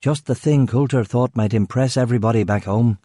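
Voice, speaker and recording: A man reading a crime thriller audiobook in measured scripted narration. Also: medium pitch, dark tone, no echo, studio quality.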